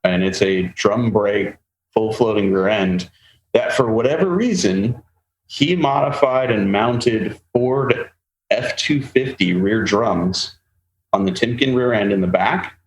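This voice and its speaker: A man hosting a podcast, telling a long car story in a casual, animated way and acting out the people he quotes. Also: fairly low pitch, slow. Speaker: podcast host. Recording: roomy with faint ambient noise.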